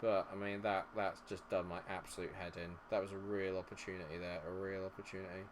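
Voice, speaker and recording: A man commentating live over a football management game, sarcastic and fed up, swearing as things go wrong. His voice sits fairly low. Faint noise hums behind him. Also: flat delivery, fast. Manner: frustrated, swearing, sarcastic outbursts. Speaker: gaming streamer.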